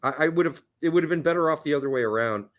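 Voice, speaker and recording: A man's voice: on the high side, quick pace. A man hosting a casual sports podcast, blunt and heated, swearing freely as he argues his points. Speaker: podcast host.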